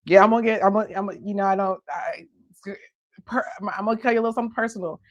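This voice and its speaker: A woman's voice: mid-range voice, rapid-fire, lo-fi sound. A woman hosting a live stream, delivering an indignant commentary rant with restarts and disbelieving laughter.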